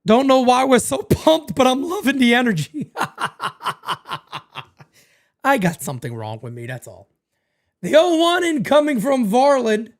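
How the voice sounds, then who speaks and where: A woman hosts a live baseball watch-party stream, chatting casually and with plenty of profanity. Her pitch swings widely as she alternates bursts of energy with low mutters, speaking unhurriedly with long pauses.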